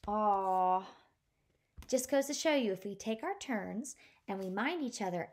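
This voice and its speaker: Woman teacher, storytime read-aloud for kids; slow, lively, sing-song. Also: a little high. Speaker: childcare teacher. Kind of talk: reading a picture book aloud to children.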